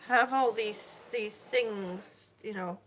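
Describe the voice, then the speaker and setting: Speaking slowly in a medium-pitched, slightly bright voice, a woman reads her live chat with a little hiss or hum in the background. It's a casual stream where she chats warmly about viewer comments and calls people sweetie.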